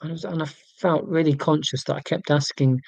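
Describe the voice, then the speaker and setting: A man's voice: a little high, fairly even intonation, brisk, gravelly, a little mellow, no room sound. A man in his forties chatting casually on a livestream, reading viewer comments and rambling in a wry, self-mocking way with lots of ums and restarts. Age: 40s.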